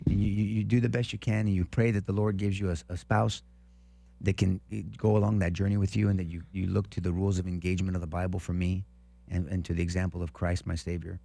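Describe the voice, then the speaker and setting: A man's voice: sits low, level tone, quick pace, creaky, warm tone. A man co-hosting a talk show, giving a fervent, preachy monologue and repeating words as he gets worked up. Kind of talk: passionate opinion monologue.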